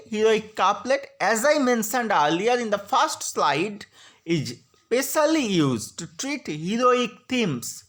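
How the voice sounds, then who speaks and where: A woman giving a slide lecture on poetry, slowly spelling out syllables and stresses. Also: medium pitch, fairly bright tone. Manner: slow, deliberate, spelling out syllables. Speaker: literature lecturer.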